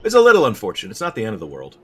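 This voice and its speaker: A man's voice: fairly low pitch, huge pitch swings, rapid-fire, fairly bright tone, breathy edge, faint music behind. A man giving casual, rambling gameplay commentary, self-deprecating and restarting his sentences often.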